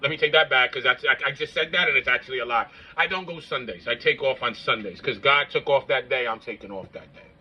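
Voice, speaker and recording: A man's voice: medium pitch, sharp tone, highs cut off. A man in his forties rambling casually to the camera in a blunt, boastful and profane way. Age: 40s. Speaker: vlogger.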